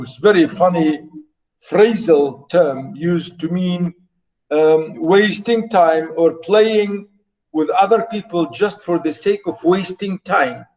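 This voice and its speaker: A man's voice: sits high, darkish tone, poor audio. A man teaching literature, explaining a play line by line and rephrasing his points often. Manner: repetitive, rephrasing, halting with fillers.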